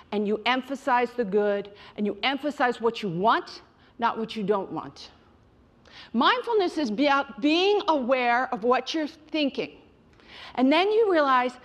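A middle-aged woman giving a direct, emphatic motivational talk on mindfulness to an audience she calls you guys. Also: on the high side. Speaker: mindfulness speaker.

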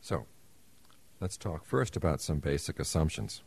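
A man giving a Buddhist lecture, explaining in a relaxed, measured way with small asides. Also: rumbling low, vocal fry, slightly rough. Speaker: Buddhist teacher.

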